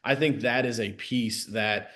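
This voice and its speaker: Male sales coach, mid-range voice, loose and chatty with lots of fillers, bursts up loud then drops to quiet asides. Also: unhurried. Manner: animated, filler-heavy, swings between loud bursts and low asides. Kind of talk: casual live masterclass talk.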